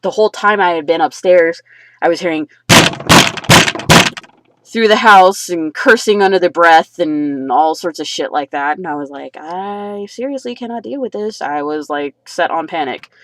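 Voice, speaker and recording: Agitated woman venting, low voice. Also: moderate pace, noisy background. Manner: agitated, rambling, profane. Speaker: vlogger. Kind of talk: venting personal story.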